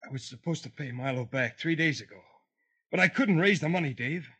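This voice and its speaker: An actor playing a panicky, weak younger brother in a 1950s radio drama, frantic and pleading. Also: male voice, fairly high pitch, animated, brisk, sharp tone, slightly rough, exaggerated voice. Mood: shaken.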